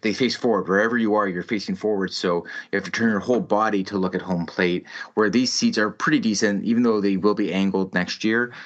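Swearing man ranting a story. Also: lowish voice. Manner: heavy swearing, exaggerated ranting. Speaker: podcast host. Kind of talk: casual storytelling chat. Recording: slightly muffled lo-fi audio.

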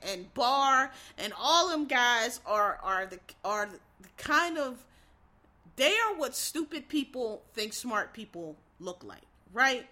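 A woman's voice: a little high, sharp tone. A woman giving a blunt, profane, emphatic rant of casual political commentary, talking straight to her listeners.

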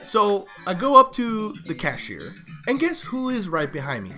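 A man hosts his show and tells a story casually, wandering into asides and restarting his sentences. His pitch leaps around with lively energy, and his voice is bright and edgy. Faint music plays behind him. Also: normal speed. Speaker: show host.

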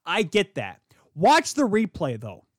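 A man hosting a hockey podcast, rambling excitedly and calling his viewers kids. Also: high voice, measured pace, dry recording, studio quality. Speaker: podcast host. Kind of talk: casual hockey talk.

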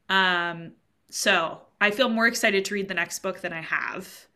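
A woman co-hosting a podcast talks freely in casual chat, quoting her own thoughts aloud. Her medium-pitched voice is bright and forceful.

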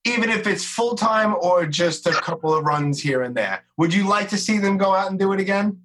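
Podcast host: bright-voiced man, a bit high, eager and agreeable. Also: animated, rough recording. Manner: eager, agreeable, quick affirmations. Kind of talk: casual interview.

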